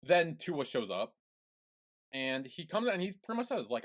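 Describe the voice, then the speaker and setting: A man's voice: a little high, sing-song, moderate pace. A man co-hosting a casual podcast, retelling scenes in a chatty storytelling way. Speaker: podcast co-host. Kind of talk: casual recap chat.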